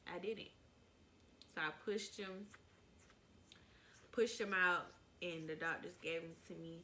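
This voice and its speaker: A woman's voice: on the low side, sharp tone, a little hiss or hum. A young woman vlogger telling a casual, rambling story, with many "like"s.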